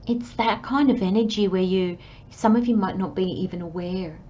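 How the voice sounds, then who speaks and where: A woman talks through a tarot reading in a gentle, chatty way, slipping into short imagined dialogues. Her voice sits in an ordinary middle range. The recording is slightly dull, with a faint hiss behind her. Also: mid-range voice, normal speed. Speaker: tarot reader. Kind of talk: channelled tarot reading monologue.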